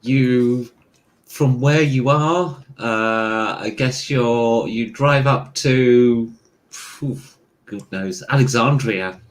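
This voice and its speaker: A man's voice: mid-range voice, drawn-out words. A man narrating a tabletop game as game master, in a hesitant, dry manner.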